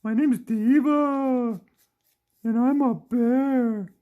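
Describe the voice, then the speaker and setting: A man voicing a friendly female polar bear toy who runs a fashion boutique, in a slow, sing-song way that repeats itself. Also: very high voice, phone-quality sound, pitched above the performer's own voice, heavily acted.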